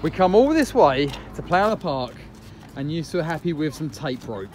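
A man's voice: fairly high pitch, sing-song, normal speed, darkish tone, slight background noise. A man vlogging a family day out, joking and chuckling at his own lines as he films. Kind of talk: casual vlog chat. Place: outdoors at a park and in a car.

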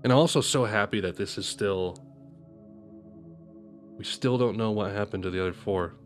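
A man streaming live as he reads a comic and reacts to it, gushing and excitable. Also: on the low side, moderate pace, soft background music.

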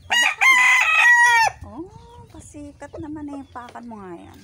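A woman vlogger chatting casually in her backyard, cooing and fussing at her animals with sudden high squeals. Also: expressive, moderate pace. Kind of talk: casual chat to her pets. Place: outdoor backyard with chickens. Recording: loud backyard noise with crowing roosters.

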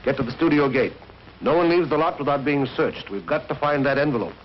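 An actor playing a fast-talking wisecracking man. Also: mid-range voice, lightly acted. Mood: brisk. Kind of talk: 1930s film acting. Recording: dull, faintly hissy old film soundtrack.

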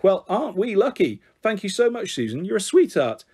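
A man's voice: high voice, sing-song, brisk, darkish tone, slightly rough, pitched above the performer's own voice, full character voice. A man voicing a cheerful, self-mocking dad in a storybook reading, jokey and affectionate.

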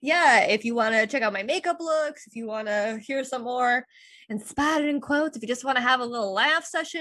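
A woman's voice: a little high, normal speed, fairly bright tone, no room sound. A young adult woman speaking as a podcast guest in casual, chatty conversation, often saying "like" and laughing easily.

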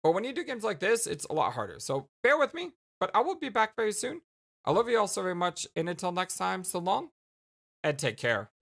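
A woman hosting a let's play, reading the game text aloud and chatting with viewers. She is stuffy and congested, giggly, and signs off with warm, affectionate words. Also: mid-range voice, sing-song, brisk, creaky, music in the background.

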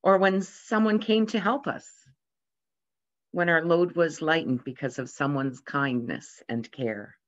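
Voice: medium pitch, measured pace. A pastor preaching a sermon, telling light humorous anecdotes and briefly raising the voice for the quoted characters. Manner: gently storytelling, lively voices for quoted characters. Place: church. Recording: dull lo-fi sound.

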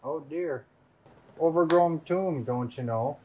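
A man putting on a cheery, folksy with sing-song, drawn-out vowels while playing a card game. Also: a little high, mellow, a little hiss or hum, low-quality recording. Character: folksy man with a thick Upper Midwest drawl.

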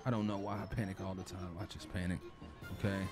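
A gaming YouTuber with a deep voice talks fast and nearly flat in pitch as he narrates a cooking game. His casual commentary to viewers turns flustered and panicky, with loud game music playing behind him.

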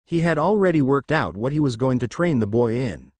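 A man narrating a fan-fiction story in a steady reading voice. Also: medium pitch, brisk, no echo.

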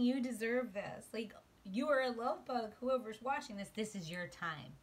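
A woman giving a spiritual tarot reading to her viewers, emotional, shifting from quiet murmurs to excited exclamations. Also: on the high side, normal speed, hardly any pauses, breathy edge. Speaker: tarot card reader. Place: outdoors.

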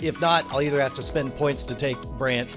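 A man co-hosting a podcast in casual chat, who gets loud and high when excited. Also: brisk, music in the background. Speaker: podcast co-host.

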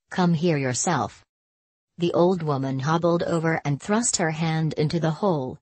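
Low-voiced woman narrating a story. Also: darkish tone, no echo.

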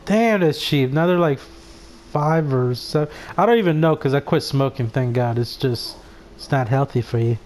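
Excitable gaming commentator guy, unhurried. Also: a little high, a little hiss or hum. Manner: excitable, swears a lot, laughs often. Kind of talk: let's play commentary.

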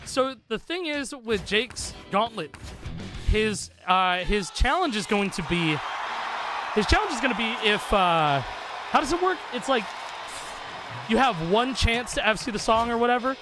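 A man's voice: high-pitched, lively intonation, moderate pace. A man streaming a rhythm game, chatting casually with viewers in a rambling, profane way full of fillers. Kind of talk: casual live-stream chat. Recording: game music playing loudly behind.

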